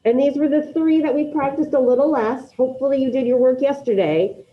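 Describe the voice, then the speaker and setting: A woman's voice: high-pitched, brisk. Upbeat woman teacher calling on students. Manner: encouraging, calls on students by name. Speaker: high school Spanish teacher. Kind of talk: online class teaching. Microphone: video call. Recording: dull lo-fi video call audio.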